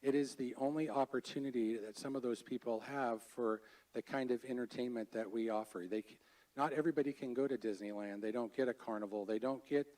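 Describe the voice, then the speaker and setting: A man speaking at a public board meeting, a little distant from the microphone. He talks in a halting, earnest way, restarting his sentences as he goes. His pitch sits in an ordinary middle range. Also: fairly even intonation, a little mellow. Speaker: county fair manager. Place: state board meeting room. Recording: voice a bit far from the mic.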